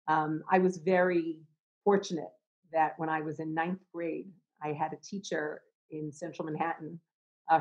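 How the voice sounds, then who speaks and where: A middle-aged woman, an educator and chaplain, speaking reflectively in an interview, with many restarts and soft laughs. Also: sits low, dull audio.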